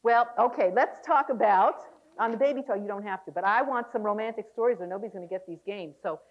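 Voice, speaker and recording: A woman's voice: mid-range voice, fast, low-quality recording. A woman leading a relationship class, talking animatedly to a live audience and laughing often. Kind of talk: seminar talk to a live class. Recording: 1990s VHS seminar tape.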